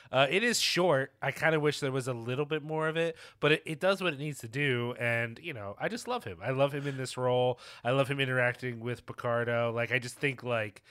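A man's voice: mid-range voice, a bit bright, no room sound, clean studio sound. A man co-hosting a movie podcast, rambling with restarts and laughter. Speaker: podcast co-host. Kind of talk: casual movie discussion.

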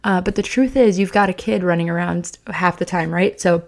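A woman's voice: fairly low pitch, moderate pace, creaky. A young woman hosting a podcast, speaking candidly and confessionally about parenting mistakes, with frequent fillers and restarts. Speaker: podcast host. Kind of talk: casual personal podcast talk.

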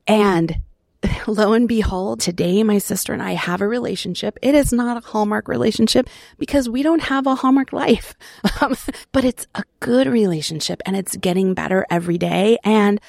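A middle-aged woman sharing her recovery story in an earnest, reflective way, with soft laughs between phrases. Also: mid-range voice, moderate pace, gravelly, no room sound, studio quality. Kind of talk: personal testimony.

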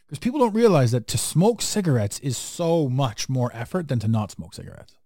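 A man's voice: mid-range voice, very animated, a little fast, warm tone, dry recording, studio quality. A man hosting a casual podcast conversation, talking bluntly and emphatically and swearing freely. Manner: blunt, profane, emphatic and preachy. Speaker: podcast host.

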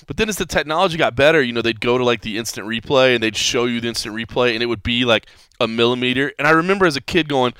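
Man, podcast host, casual chat, animated, bright voice, smooth and dry. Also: mid-range voice, fast, no room sound. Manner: animated, chatty, repeats words as he thinks aloud.

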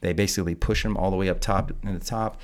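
Talking fast in a deep, fairly even voice, a man hosting a podcast rants through a film recap with plenty of swearing and incredulity. It's a casual chat reviewing the movie.

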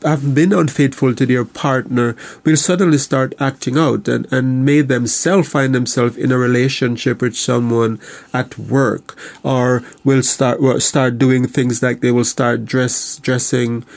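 Gravelly-voiced male counselor on radio. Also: mid-range voice, steady tone. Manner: halting, repeats words while explaining. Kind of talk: radio talk show discussion.

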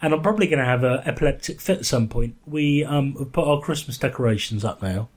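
A man's voice: mid-range voice, quick pace. Sweary man on a casual podcast. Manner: sweary, dry and teasing. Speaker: podcast co-host. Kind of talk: casual chat.

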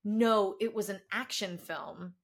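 A woman's voice: medium pitch, slow, gravelly, breathy edge. A woman guest, a voice actor and coach, telling audition stories in a casual, self-deprecating way. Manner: animated anecdotes, self-deprecating, trailing restarts. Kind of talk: casual storytelling interview.

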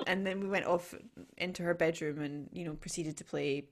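A woman's voice: low-pitched, steady tone, a little fast, few pauses. A woman co-hosting a podcast, chatting casually, laughing often, swearing and restarting her sentences as she rambles. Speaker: podcast co-host. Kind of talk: casual chat.

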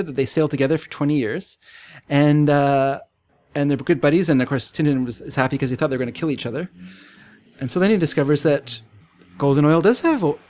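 A man's voice: fairly high pitch, a little mellow. A man chatting casually as co-host, rambling through a story and laughing often. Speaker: podcast co-host. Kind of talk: casual comic book discussion.

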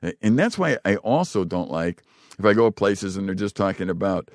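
A man's voice: low-pitched, very animated, normal speed, no room sound, studio quality. A man co-hosting a faith talk show, talking about Bible stories in a blunt, plain-spoken way with stutters and restarts. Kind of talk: Bible teaching in conversation.

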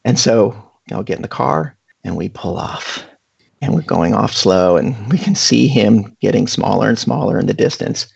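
A man telling a casual anecdote in a chatty, animated way, full of fillers. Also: lowish voice, normal speed, creaky, husky, muffled recording. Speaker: guest storyteller.

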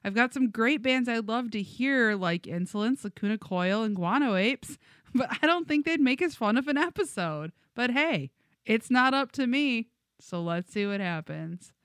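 A woman's voice: on the high side, lively intonation, normal speed, a bit bright, clear, resonant tone, no echo, studio quality. A woman co-hosting a music podcast, reading listener comments aloud with frequent giggles. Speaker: podcast co-host.

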